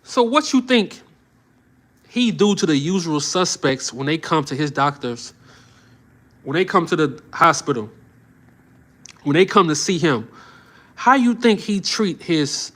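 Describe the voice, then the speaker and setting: A man's voice: fairly high pitch, expressive, slow, pauses often, a bit bright. A man commenting on the news on a live stream, heated and preachy, who often repeats short phrases for emphasis.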